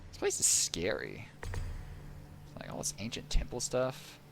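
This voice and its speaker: A man's voice: lowish voice, big pitch swings, a little slow, gravelly. A man live-streaming a video game, chatting casually with viewers, sarcastic and often swearing at the game. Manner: sarcastic, profane, rambling asides to chat. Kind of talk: casual gaming commentary. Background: game music and sound effects.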